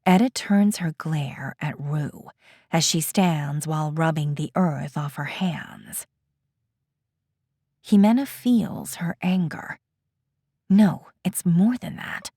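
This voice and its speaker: Woman audiobook narrator, slow and expressive, dry studio read. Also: low-pitched, slightly rough, dry recording. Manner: measured, expressive storytelling.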